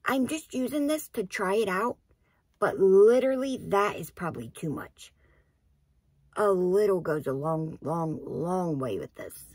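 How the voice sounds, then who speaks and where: A woman's voice: on the low side, darkish tone, slightly rough, dry recording. A woman talking casually through her skincare routine, explaining each step as she goes. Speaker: beauty vlogger.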